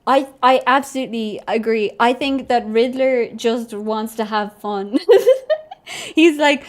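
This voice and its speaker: A woman's voice: high-pitched, measured pace. A young woman streaming a game, chatting casually, giggling and squealing often. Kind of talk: casual gameplay commentary.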